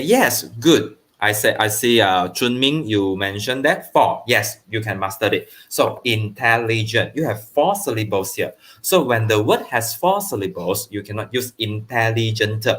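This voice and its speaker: Teacher guy, explains slow, says okay a lot, voice goes up and down a lot. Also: on the low side, fairly bright tone. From Malaysia. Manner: explains slowly, checks understanding with frequent "okay"; switches into Mandarin for translations. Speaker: primary school English teacher. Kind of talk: online grammar lesson.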